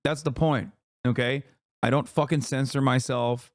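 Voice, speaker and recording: A man doing heated livestream political commentary, angry and profane, shouting down his critics. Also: medium pitch, steady tone, normal speed, dry recording, studio quality.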